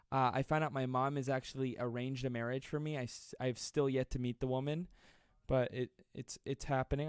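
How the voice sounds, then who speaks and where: A man in his twenties hosting a live stream, reading viewer comments aloud and joking with a fast, self-deprecating manner. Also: medium pitch, a little mellow, smooth, no echo, clean studio sound. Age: 20s. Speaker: livestream host.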